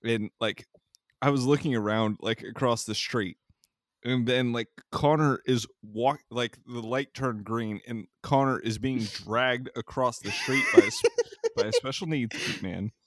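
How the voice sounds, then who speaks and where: A man's voice: mid-range voice, huge pitch swings, a little slow, fairly bright tone, dry recording. A young man jokes through a casual chat in a mid-range voice. His intonation swings widely as he teases his friend. He laughs often, and the recording is dry and close. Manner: joking, teasing, laughs often.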